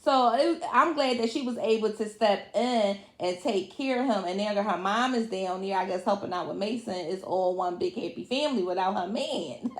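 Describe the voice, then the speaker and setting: Casual woman vlogger: gossipy, colloquial recap chat with plenty of fillers, mid pitch, in a roomy echo. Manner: chatty, colloquial, laughs often, many fillers.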